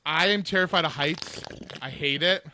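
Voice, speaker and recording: Bright, chatty man telling stories. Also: a little high, moderate pace, slight background noise. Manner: animated rambling storyteller, many filler likes. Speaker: podcast co-host. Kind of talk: casual chat.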